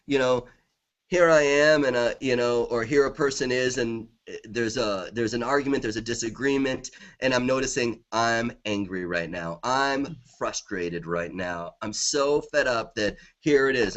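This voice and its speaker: A man's voice: mid-range voice, normal speed, a bit bright. A middle-aged man, a guest author in a conversational interview, talking with enthusiasm and repeating affirmations.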